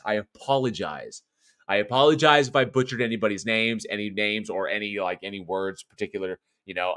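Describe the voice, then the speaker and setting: Rambling low-voiced man in his thirties. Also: sharp tone. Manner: rambling, apologetic, trailing off into fillers. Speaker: podcast host. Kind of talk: casual chat.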